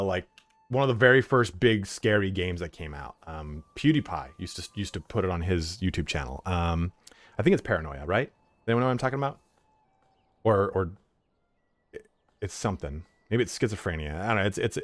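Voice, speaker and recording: A man's voice: lowish voice, dry recording. A young man streaming from home, chatting casually and telling rambling stories with lots of swearing and filler words. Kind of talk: casual livestream chat.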